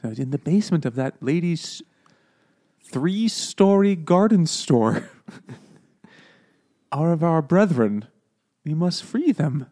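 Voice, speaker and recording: A man's voice: on the high side, animated, slow pace, long pauses, mellow, pitched above the performer's own voice. A man voicing a small mischievous gnome who pleads earnestly. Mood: solemn.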